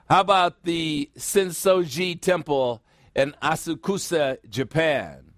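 A man's voice: fairly high pitch, lively intonation, unhurried, fairly bright tone, no room sound. A man preaching a sermon as pastor, conversational and joking, acting out little exchanges. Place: church in Phoenix area.

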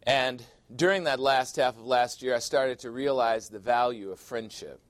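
A man's voice: normal speed, no echo. Candid pastor man, dry close sound. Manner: candid, confiding, often drops to a low aside. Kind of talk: conversational sermon.

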